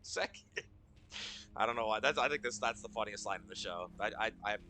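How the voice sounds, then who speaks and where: A man's voice: fairly low pitch, animated, moderate pace, noisy background. A man streaming a video game, talking casually, swearing often and laughing at his own jokes. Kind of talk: casual gameplay commentary.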